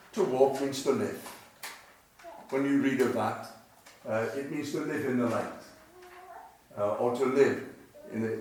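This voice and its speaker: A man preaching a sermon in a chapel, conversational and emphatic, repeating phrases and asking rhetorical questions. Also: medium pitch. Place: cemetery chapel. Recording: echoey chapel, distant mic, faint noise.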